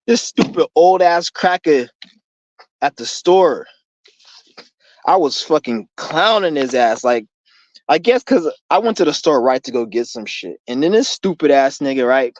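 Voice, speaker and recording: Out in the rain, a young streamer with a fairly high but darkish voice runs a Q&A, rambling in profane street slang and constantly restarting his sentences. The audio is dry and lo-fi.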